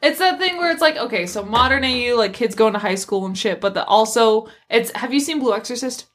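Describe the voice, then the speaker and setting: A woman's voice: a little high, animated, a little fast, fairly bright tone. A young woman co-hosting a podcast, explaining things in a rambling, profane way with lots of filler words. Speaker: podcast co-host. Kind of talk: casual chat.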